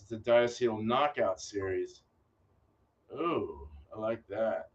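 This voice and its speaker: A casual homebrewer man talks through his choices, distracted and swearing now and then as he thinks aloud. He sits a bit back from a dull, lo-fi microphone. His voice is middle-pitched. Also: lively intonation, moderate pace, fairly bright tone. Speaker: homebrewer and channel host. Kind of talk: casual rambling vlog talk. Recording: dull lo-fi audio from a distance.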